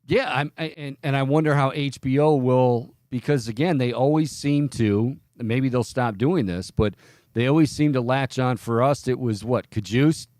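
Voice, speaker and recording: A man hosts a sports radio talk show from a radio studio, speaking at medium pitch and moderate pace with a darkish tone. Rambling and opinionated, he often cuts himself off mid-sentence, and the clean studio sound has no room noise.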